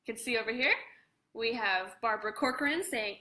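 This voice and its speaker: Bright high-voiced woman reading to kids. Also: normal speed. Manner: lively storyteller pointing out pictures. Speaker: children's book author. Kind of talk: read-aloud to children on a live stream.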